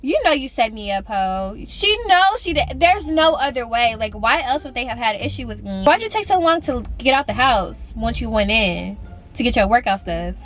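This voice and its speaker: Blunt, animated young woman telling a story. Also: moderate pace. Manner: blunt, animated, swears freely; jumps into high-pitched voices when quoting others. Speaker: vlogger. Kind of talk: casual storytime chat.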